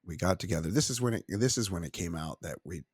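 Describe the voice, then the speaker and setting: A man co-hosting a crude comedy sports podcast, animated and breaking into silly voices. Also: deep voice, fast talker, slightly rough, no room sound, studio quality. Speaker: podcast co-host.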